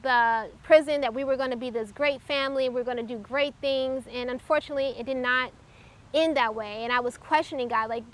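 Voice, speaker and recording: A woman telling a personal faith testimony in an earnest, reflective way, pausing often as she recalls events. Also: high-pitched, fairly even intonation. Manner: earnest, halting, reflective storytelling. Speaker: testimony speaker.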